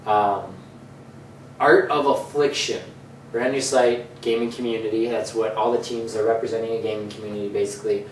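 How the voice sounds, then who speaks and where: A male host chatting casually on a low-budget comedy show, rambling from one joke to the next. His voice sits back from the mic in a roomy, echoing space with a faint hum of ambience. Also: fairly even intonation, normal speed. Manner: rambling, jokey, slips into put-on voices. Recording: echoey room, mic at a distance, faint ambience.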